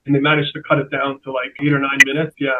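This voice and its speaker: A man's voice: mid-range voice, completely flat delivery, narrow, tinny audio. A man, an entrepreneur guest, telling a story in casual podcast chat with many fillers and restarts. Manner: halting, filler-heavy storytelling.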